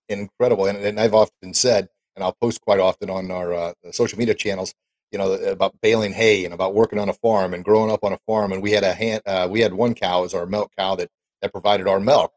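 A man's voice: low voice, fairly even intonation, fast, a little mellow, low-quality recording. A man hosting an interview podcast, chatting with his guest in an eager, encouraging way. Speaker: podcast host. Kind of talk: casual interview chat.

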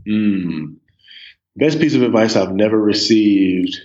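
Chill guy in his 30s on a podcast, lowish voice, kinda dull lo-fi sound, lots of "you know". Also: animated, takes it slowly, darkish tone. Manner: laid-back, stammers on restarts, says "man" and "you know" a lot. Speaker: podcast guest, snack company co-owner. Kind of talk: casual podcast interview.

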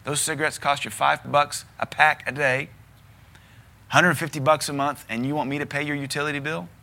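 A man's voice: a little high, flat delivery, moderate pace, vocal fry, pushed and bright. A middle-aged man with a Southern US accent, preaching a sermon in a blunt, emphatic way with lots of repetition. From American South. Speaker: pastor.

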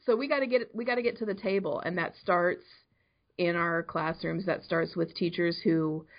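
A woman's voice: on the low side, steady tone, moderate pace. Woman, early childhood educator, casual podcast, earnest, muffled audio. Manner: earnest, passionate about play.

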